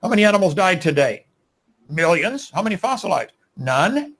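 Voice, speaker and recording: A man's voice: high voice, sing-song, normal speed, a bit bright, slightly rough, low-quality recording. Preachy creationist man debating. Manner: preachy, emphatic, with restarts. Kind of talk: live debate answers.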